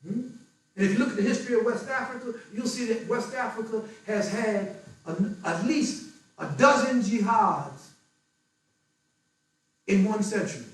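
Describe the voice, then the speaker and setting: A man's voice: high voice, lively intonation, unhurried, long pauses, fairly bright tone. An older man from the United States giving a fiery, blunt political lecture to an audience, repeating phrases for emphasis. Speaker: guest speaker. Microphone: distant room mic. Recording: echoey hall recorded from far off.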